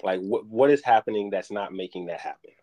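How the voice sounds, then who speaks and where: A man's voice: lowish voice, fairly quick, warm tone. A man hosting a podcast, teasing his co-host in playful, rambling banter. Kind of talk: casual podcast chat.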